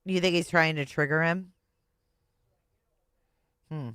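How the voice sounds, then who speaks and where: A woman's voice: low-pitched, steady tone, takes it slowly, fairly bright tone, clear, resonant tone, dry recording, studio quality. Sarcastic woman hosting a livestream. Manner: sarcastic and blunt, swears freely. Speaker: livestream host. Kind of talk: casual livestream reaction.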